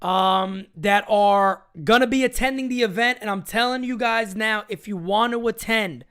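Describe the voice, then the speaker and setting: Excitable man hosting a sports live chat. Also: sits high, moderate pace, clean tone. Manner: excitable, rambling, blunt, reads viewer comments aloud. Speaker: live-stream sports show host.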